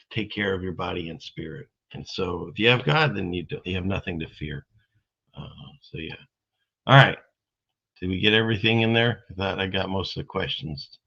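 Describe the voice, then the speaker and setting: A man's voice: deep voice, gravelly, sharp tone, breathy edge. A man hosting a casual live stream, rambling in a folksy way as he reads out viewer comments. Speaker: streamer host. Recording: dull lo-fi stream audio.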